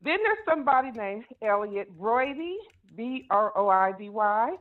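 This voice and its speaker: A woman's voice: fairly high pitch, animated, moderate pace. A woman calling in to a talk show, carefully reading out names and details from a list. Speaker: caller. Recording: tinny phone line.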